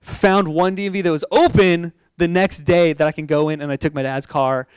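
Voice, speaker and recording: A man from Oregon preaches through a personal story, animated and quick to laugh, acting out the people he quotes. His voice sits high and sounds smooth and resonant. The sound is close and dry. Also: dry recording. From Oregon, USA. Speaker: pastor. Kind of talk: storytelling sermon.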